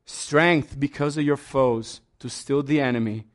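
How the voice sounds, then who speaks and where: A man preaching a sermon as a pastor, passionate, swinging from soft asides to loud, high exclamations. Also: a little slow, hardly any pauses.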